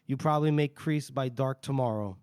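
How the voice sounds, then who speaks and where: A man voicing a weary, grim older fighter in a book recap, speaking his lines low and terse. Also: fairly quick, darkish tone, smooth, no room sound, clean studio sound, natural voice.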